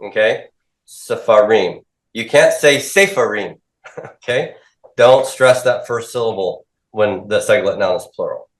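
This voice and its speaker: In an echoey classroom, a man with a fairly low voice and moderate pace questions and drills his students, echoing back their answers during a call-and-response lecture.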